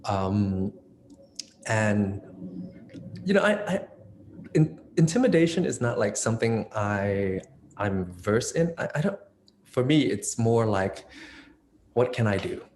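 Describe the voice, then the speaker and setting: A man's voice: fairly low pitch, animated, slow, pauses often, darkish tone, a little hiss or hum. A man in his thirties speaking as an interview guest, talking casually with many fillers and restarts. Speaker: interview guest, dance choreographer. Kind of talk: conversational interview.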